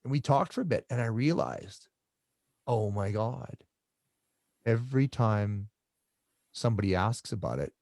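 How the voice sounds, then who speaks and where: Middle-aged man, interview guest, deeper voice with a lot of swing, stop-start delivery, dry close sound. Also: animated, creaky, darkish tone, dry recording. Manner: halting, repeats words, restarts often. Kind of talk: casual interview storytelling.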